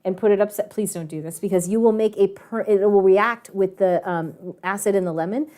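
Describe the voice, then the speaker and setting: A woman teacher telling a lively story to her online class, chatty and animated, with frequent laughing asides, over a video call. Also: mid-range voice, fairly quick. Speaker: math and science teacher.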